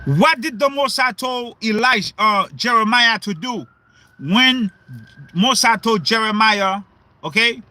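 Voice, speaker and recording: A man preaching in a livestream sermon, questioning his listeners, repeating himself and breaking into shouts. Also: high-pitched, dry recording.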